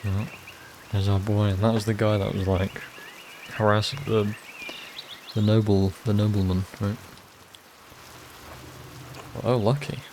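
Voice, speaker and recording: A man's voice: on the low side, level tone, measured pace, long pauses, darkish tone, a little hiss or hum. A man giving casual, rambling commentary while playing a video game. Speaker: gameplay streamer. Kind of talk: casual let's play commentary.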